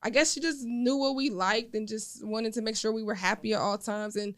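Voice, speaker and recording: Young woman podcast guest, casual chat, slightly high voice, animated storyteller. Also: a little fast. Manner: animated storyteller, acting out quotes.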